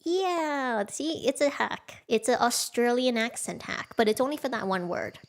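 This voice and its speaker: A woman's voice: fairly high pitch, animated, a little slow. A woman streaming a cozy farming game from home, chatting casually with her viewers, giggling often and poking fun at herself. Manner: chatty, giggly, self-deprecating.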